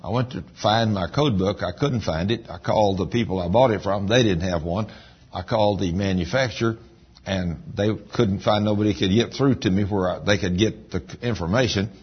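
A pastor preaching a sermon in a folksy storytelling way, building up to emphatic points. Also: male voice, fairly low pitch, fairly quick, breathy edge. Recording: dull lo-fi recording.

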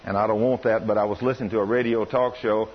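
A man preaching a sermon in a folksy, animated storytelling way, his voice rising high when he quotes others. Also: quick pace, slightly rough, dull audio.

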